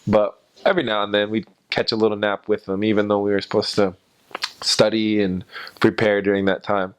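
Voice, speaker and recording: A young man casually telling stories about his time as a missionary, rambling with many pauses and fillers. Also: lowish voice, level tone, smooth. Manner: rambling, frequent "uh" and "and so". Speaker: former missionary. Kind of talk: casual storytelling.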